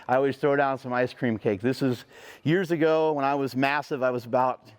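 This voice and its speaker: A man's voice: mid-range voice, brisk, clear, resonant tone. Profane, storytelling man. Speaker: motivational speaker. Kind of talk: motivational storytelling speech.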